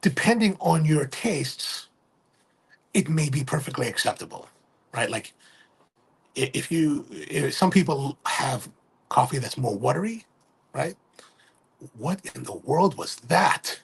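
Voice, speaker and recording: Middle-aged male livestream host, gravelly and husky, casual rambling talker who self-corrects. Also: a little high, expressive, measured pace, pauses often. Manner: rambling, self-correcting, keeps asking "right?". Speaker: livestream host and coffee retailer.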